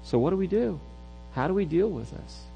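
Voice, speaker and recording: A man's voice: high-pitched, lively intonation, a little fast, gravelly, mellow, faint music behind, poor audio. A middle-aged man preaching a sermon in an earnest way, often repeating words as he builds a point. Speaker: pastor.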